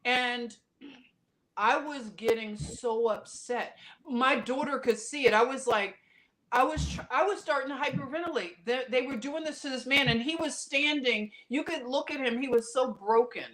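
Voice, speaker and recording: A woman guest on a podcast, telling a story with passion and bursting out loudly at times, in quick runs full of restarts. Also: high voice. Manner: impassioned, animated storytelling with sudden loud outbursts; talks in quick runs with many restarts and fillers. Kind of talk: casual podcast conversation.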